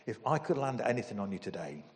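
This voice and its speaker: A man preaching a sermon as pastor, emotional and animated, with sudden loud bursts. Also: fairly low pitch, fast, long reverb tail.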